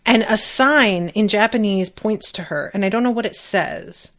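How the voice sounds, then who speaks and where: A woman hosts a podcast in a loose, chatty manner, reacting to what she watches as she goes. She gets animated often and swears freely. Her voice sits at a middle pitch. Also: normal speed. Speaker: podcast host. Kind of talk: casual reaction commentary.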